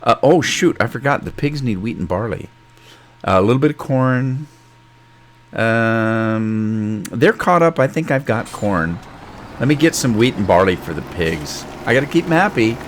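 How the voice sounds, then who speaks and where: A man's voice: medium pitch, expressive, unhurried, a little hiss or hum. A middle-aged man live-streaming a farming game, chatting and joking as he reads the chat aloud.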